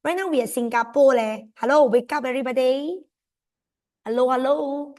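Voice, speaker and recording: A woman with a Malaysian English accent leads an exam seminar as a history tutor, animated and coaxing her students along. Her voice sits a little high. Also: normal speed.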